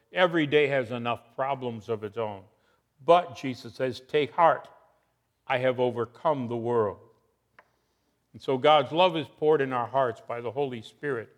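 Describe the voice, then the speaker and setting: A man preaching a sermon, speaking earnestly and retelling scripture with rising emphasis. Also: mid-range voice. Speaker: pastor.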